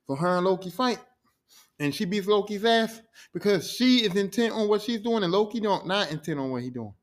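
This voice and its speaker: A man's voice: sits high, lively intonation, brisk. A man hosting a podcast, recapping a show in a rambling, profane, casual way. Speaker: podcast host.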